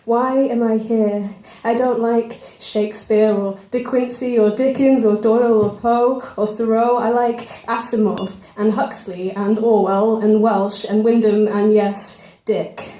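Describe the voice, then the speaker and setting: A young woman performs spoken word poetry at an open mic, her voice a touch high yet mellow in tone. She rolls through rhymes quickly, then breaks off into nervous, self-deprecating asides. The room around her rings with a roomy live echo. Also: fairly even intonation. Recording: roomy live venue recording.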